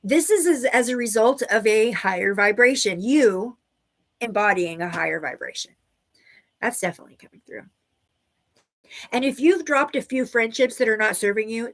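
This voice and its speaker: A woman teaches a live online tarot class and gives viewers intuitive readings, speaking loosely, searching for words and often adding "right?" Her medium-pitched voice is a bit bright at a moderate pace.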